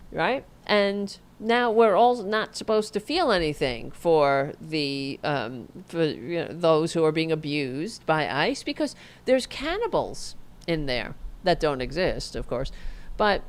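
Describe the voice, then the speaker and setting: Host, woman, low-pitched, sarcastic and profane political ranter. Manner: reads online comments aloud mockingly. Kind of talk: angry political commentary, solo stream.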